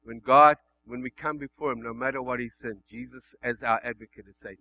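Bright-voiced male pastor preaching. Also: mid-range voice, steady tone, fairly quick, creaky, few pauses, muffled recording. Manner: preaching that swings between loud emphatic passages and hushed quiet ones. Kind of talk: sermon.

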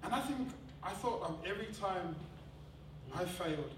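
Kiwi man preaching, higher voice, lively storytelling, echoey hall, mic far off, background noise. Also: normal speed. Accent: New Zealand. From New Zealand. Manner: animated storytelling, swings between loud laughing bursts and quiet earnest passages. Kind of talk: sermon with personal story.

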